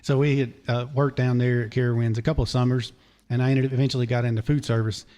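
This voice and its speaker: A hoarse, mellow-voiced man in his fifties with a drawl, easing through a long story as a podcast guest. He wanders into side details and loops back before carrying on. His tone sits warm and low at an even, middling pitch. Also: fast talker. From Charlotte area, North Carolina. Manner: digressive, detail-heavy storyteller. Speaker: podcast guest, former race mechanic. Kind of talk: long rambling story told in casual chat.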